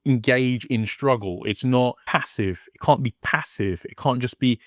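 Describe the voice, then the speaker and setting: A man's voice: mid-range voice, a little slow, a bit bright, no echo. Profane ranting man, dry sound. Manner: heated, profane, swears constantly. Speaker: video essay host. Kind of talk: casual profane rant.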